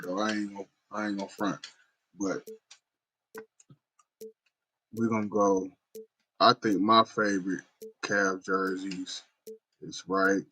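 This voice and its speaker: A man's voice: low voice, flat delivery, unhurried, pushed and bright, slightly rough, rough recording. A man giving casual, slangy gameplay commentary and talking straight to his viewers as a gaming YouTuber. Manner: laid-back, slangy, talks straight to viewers.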